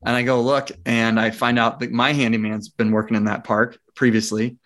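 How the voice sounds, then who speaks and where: A man, a guest in a casual interview, telling a story in a lively way, acting out the dialogue and laughing often. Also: medium pitch, moderate pace. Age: adult with young children. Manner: frequent fillers and restarts. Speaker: interview guest, property investor.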